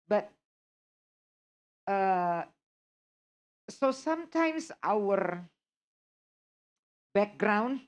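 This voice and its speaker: A woman leads a live test-prep workshop, taking questions from the room. She talks slowly and unhurriedly, repeats key words, and keeps asking whether the asker got it. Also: medium pitch, darkish tone. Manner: checks understanding often, repeats words. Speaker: test preparation instructor.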